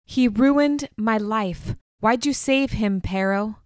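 A woman's voice: fairly high pitch, slow pace, no echo, studio quality. A woman voicing a furious, anguished young man, accusing and pleading, his voice tight with anger, in an audiobook.

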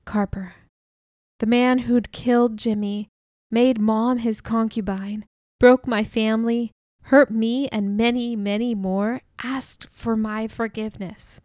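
A woman reads a novel aloud in the first person, telling it with earnest feeling. Her voice sits somewhat high. The sound is dry and close, with no room around it. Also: steady tone, takes it slowly, darkish tone, no room sound. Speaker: audiobook narrator.

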